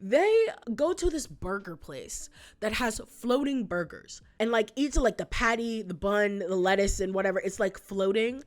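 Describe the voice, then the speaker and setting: Woman, casual video reviewer, mid pitch, rambling and chatty, loose filler-heavy delivery. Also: lively intonation, normal speed. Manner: chatty, rambling, many "like" fillers, frequent laughs. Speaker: youtuber reviewing a cartoon. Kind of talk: casual retrospective commentary.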